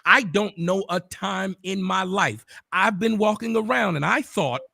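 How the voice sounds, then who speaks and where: A man ranting straight at the camera, profane and confrontational, repeating himself and bursting into shouts. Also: high voice, a little slow, vocal fry, dry recording, clean studio sound. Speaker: online commentator. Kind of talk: angry direct-address rant.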